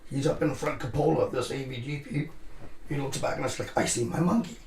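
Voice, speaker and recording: In a live show room, a man rambles through a military story in casual chat, swearing constantly and acting out the voices of the people involved. His mid-range voice is quick, darkish and fry-tinged, recorded with echo and a little hiss or hum.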